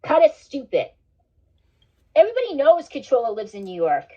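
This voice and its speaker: A woman chatting on her livestream, rambling and cursing, with "like" and "dude" all through her talk. Her voice sits a bit high. The audio is dull and lo-fi. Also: wildly swooping pitch, a little fast, mellow, husky. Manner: rambling, swears a lot, says "like" and "dude". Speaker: livestream host. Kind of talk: casual livestream chat.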